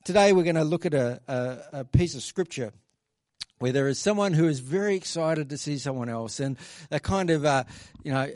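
A man's voice: a little high, lively intonation, normal speed, a little mellow, dry recording. A male pastor giving a sermon in a conversational way, reading scripture aloud, praying, and acting out quoted voices along the way.

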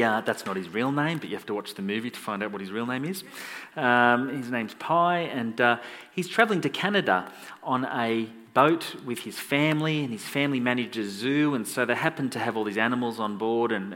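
A man delivers a sermon in a conversational, joking manner, his pitch swinging up and down. His voice carries the long reverb of a large hall. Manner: animated, conversational, jokey asides to the congregation. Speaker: preacher.

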